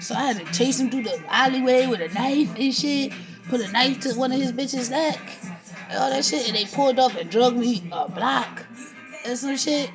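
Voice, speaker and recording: A woman telling a long profane story in an animated, rambling rant, laughing now and then. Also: high voice, moderate pace, over music. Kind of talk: casual rant to camera.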